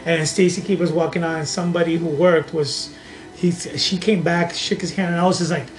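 A man's voice: fairly high pitch, fairly even intonation, brisk, faint music behind. A young man, a podcast co-host, rambling through an anecdote in casual chat. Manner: rambling, many restarts.

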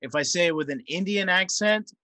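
A podcast co-host thinking out loud in long, questioning runs. His voice sits a little high for a man and sounds dry and close to the mic. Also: brisk, no room sound. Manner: thoughtful, builds long questioning arguments. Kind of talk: casual chat.

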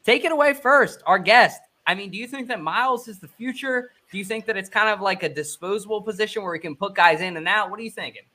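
A man hosting a live fan stream, upbeat and energetic. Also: sits high, fast talker, hardly any pauses. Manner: hyped, energetic delivery.

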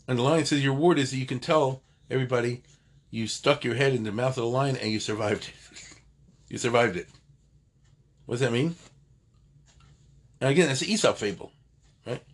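Husky man teaching a Talmud class. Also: mid-range voice. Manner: digressive, conversational, self-correcting. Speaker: Torah teacher.

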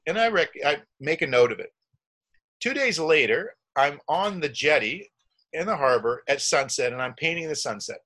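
A man's voice: medium pitch, a bit bright. A middle-aged man telling a long travel story in a rambling way, with many restarts and acted-out quotes. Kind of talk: casual storytelling.

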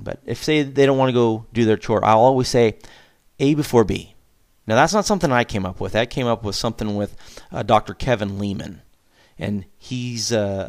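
A man in his forties giving casual parenting advice as a father, animated, chuckling often and jumping up in pitch on questions. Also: vocal fry. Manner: animated, acts out back-and-forth with his kids, chuckles often; pitch jumps up sharply on questions and emphasis.

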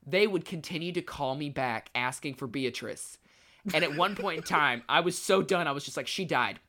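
Bright-voiced man telling a story. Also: a little high, moderate pace. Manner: animated storytelling, acts out voices. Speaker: podcast co-host. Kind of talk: casual chat.

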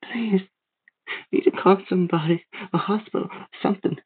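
A man's voice: sits high, moderate pace, slightly rough, pitched above the performer's own voice. A man voicing a frightened young boy who desperately begs a stranger for help. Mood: pleading. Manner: pleading, desperate. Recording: tinny phone-like sound.

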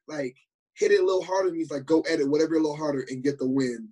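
Husky young man telling animated stories. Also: fairly high pitch, racing, low-quality recording. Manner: animated storyteller, slangy, acts out quotes. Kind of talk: casual chat.

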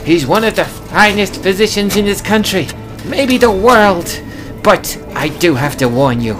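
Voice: medium pitch, animated, measured pace. Earnest sketch performer with music behind. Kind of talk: sketch comedy.

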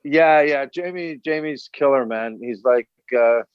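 A man's voice: medium pitch, unhurried, smooth, no room sound, highs cut off. A man with a North American accent, co-hosting a podcast in a laid-back, rambling way and swearing freely. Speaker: podcast co-host. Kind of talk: casual chat.

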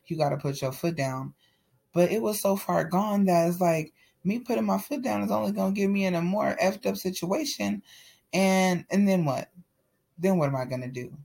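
A man's voice: a little high, creaky. A man candidly telling a painful personal story in a loose, conversational way, full of "like" fillers.

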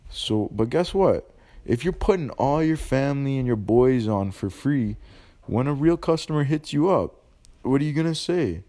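A man's voice: mid-range voice, moderate pace. Profane ranting young man. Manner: profane, blunt street slang; animated, ranting. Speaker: podcast host. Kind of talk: casual monologue.

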